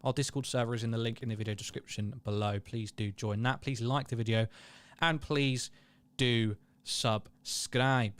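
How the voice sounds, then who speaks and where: A man's voice: mid-range voice, steady tone, a little fast, dry recording. A young man hosting a live match watchalong, chatting casually, reading viewer comments and calling the play. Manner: chatty, self-deprecating, reads out viewer comments.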